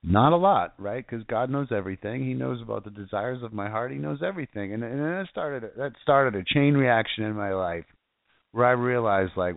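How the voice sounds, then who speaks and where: An internet radio preacher from South Florida delivers a loose, impassioned sermon, often starting over and repeating himself. His voice sits fairly low and moves at a moderate pace. The recording is dry, with a thin, tinny phone-line quality.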